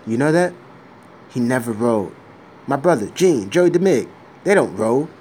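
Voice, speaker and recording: A man's voice: mid-range voice, animated, unhurried, a little mellow, a little hiss or hum, pitched above the performer's own voice, natural voice. A man reading a script aloud as a tough older mafia boss who lectures emphatically about loyalty and rules. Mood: stern lecturing.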